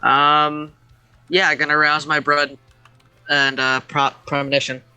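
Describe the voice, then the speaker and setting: A man's voice: on the high side, flat delivery, slow pace, bright, forceful tone, clear, resonant tone, dry recording, faint music behind. A man playing a tabletop role-playing game, checking rules in a hesitant, apologetic way. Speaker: player. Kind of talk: casual tabletop play.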